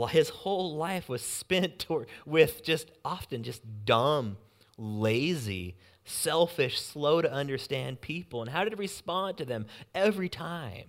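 A young man preaching a sermon, swinging between loud urgency and quiet emphasis and acting out anxious inner voices with humor. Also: a little high. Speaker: pastor.

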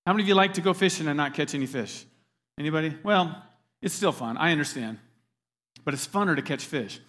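Man, pastor, sermon, conversational, emphatic, audience questions, slightly high voice. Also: expressive, fast, a bit bright.

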